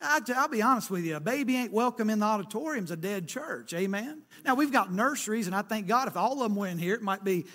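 High, bright-voiced preacher man. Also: expressive, fast talker, few pauses. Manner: folksy Southern preaching, storytelling, rising and falling emphasis. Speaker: pastor. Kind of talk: sermon.

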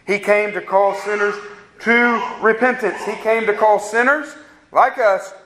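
Man, pastor, earnest sermon, rhetorical questions, high-pitched voice, echoey room. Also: fairly even intonation, unhurried, bright, forceful tone, slight background noise. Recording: roomy echo.

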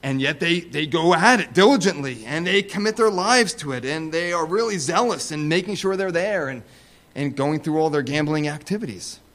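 Man, high voice, preaching, conversational asides, emphatic repetitions. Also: lively intonation, moderate pace. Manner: emphatic, rising to loud repeated stresses. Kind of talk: sermon.

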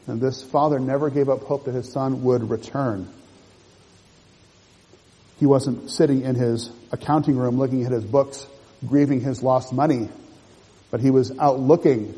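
A man gives an earnest sermon, speaking in short phrases and reading scripture between his comments. His voice is mellow and a little husky. A long reverb trails behind him. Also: mid-range voice. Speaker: preacher.

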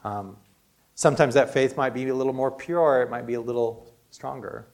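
A man's voice: medium pitch, moderate pace, darkish tone. Male pastor, everyday sermon delivery, earnest and chatty. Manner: earnest, conversational preaching with frequent "you know".

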